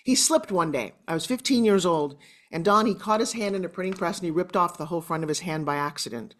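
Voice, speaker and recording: Chatty, emotional Long Island woman in her sixties, guest telling her life story over a video call. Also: mid-range voice. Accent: Long Island New York. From Long Island, New York. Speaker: interview guest. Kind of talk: candid personal storytelling.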